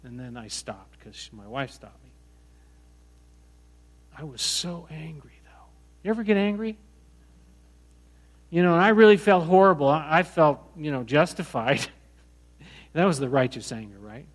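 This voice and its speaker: A middle-aged man preaching a sermon, telling a personal story in a conversational, animated way with many restarts. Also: a little high, moderate pace, pauses often. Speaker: pastor.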